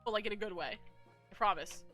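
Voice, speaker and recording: A woman's voice: mid-range voice, fast, pushed and bright, faint music behind. A woman streaming a game live, chatting casually, reading chat aloud and yelping and swearing at the game. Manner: reads chat messages aloud playfully. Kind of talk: casual gameplay commentary.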